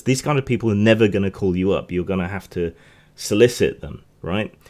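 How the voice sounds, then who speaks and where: A man with a notably deep voice hosts a news podcast. He talks in a loose, rambling way, often restarting his sentences and drifting into side remarks. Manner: rambling, chatty, frequent restarts and asides. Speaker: podcast host. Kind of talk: casual news commentary.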